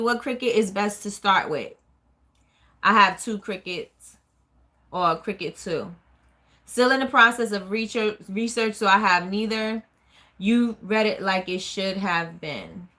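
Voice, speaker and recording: A woman with a medium-pitched, sharp-toned voice runs a casual live stream as a small business owner. She chats along and answers comments from viewers as they come in.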